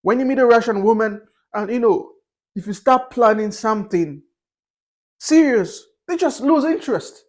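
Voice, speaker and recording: A man's voice: very high-pitched, animated, moderate pace. A young man giving his candid opinions in a casual, rambling monologue, with fillers and restarts. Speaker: vlogger.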